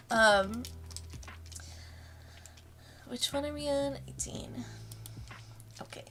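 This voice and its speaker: A woman's voice: sits high, unhurried, pauses often, a bit bright, a little hiss or hum. Giggly woman rambling about her webcomic. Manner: giggly, rambling, laughs often between thoughts. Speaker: webcomic creator. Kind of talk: casual director's commentary stream.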